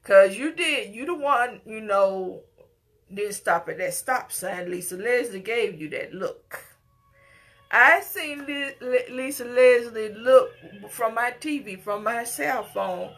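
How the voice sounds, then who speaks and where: A woman's voice: fairly high pitch, unhurried, fairly bright tone, faint music behind. A middle-aged woman giving an impassioned, scolding personal commentary, at times tearful and pleading. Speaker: commentator reacting to a news story.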